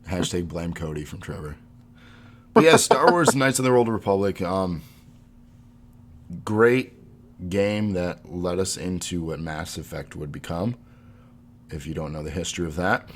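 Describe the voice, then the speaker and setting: A man's voice: low voice, measured pace, pauses often, slight background noise. A man co-hosting a podcast in casual chat, rambling and laughing often. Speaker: podcast co-host.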